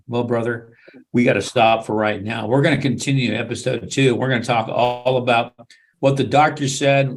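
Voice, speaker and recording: A man's voice: medium pitch, slight background noise. Man hosting a ministry interview. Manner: encouraging, brief affirmations. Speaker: interview host.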